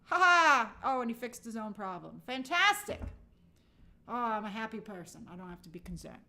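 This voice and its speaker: A woman's voice: mid-range voice, expressive, fairly quick, vocal fry, pushed and bright. A woman hosting a live movie news stream, chatting and reading viewer comments with frequent restarts and opinionated asides.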